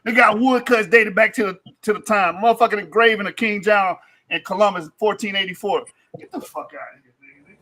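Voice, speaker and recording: Bright-voiced trash-talking man. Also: high-pitched, a little fast. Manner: boastful, profane, mocking with frequent laughter. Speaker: debater. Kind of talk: heated online debate trash talk.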